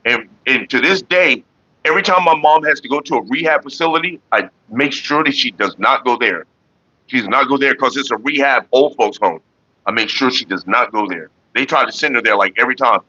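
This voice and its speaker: A man hosting a casual livestream tells profanity-laced stories with animated energy and talks to his viewers. His voice is bright and sharp. The sound is dry and a little muffled. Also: medium pitch, fairly quick, no echo. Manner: profane, animated storyteller who also chats with viewers. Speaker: livestream host.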